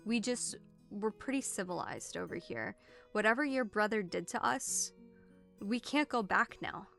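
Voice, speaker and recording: A woman's voice: medium pitch, animated, measured pace, vocal fry, fairly bright tone, faint music behind. A woman playing an earnest wolf leader. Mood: pleading.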